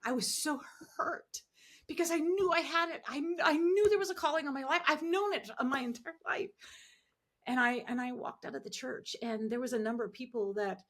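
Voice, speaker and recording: A woman telling animated, emotional stories as a podcast guest, acting out the voices she quotes. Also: high-pitched, normal speed. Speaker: podcast guest, ministry founder. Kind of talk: conversational storytelling interview.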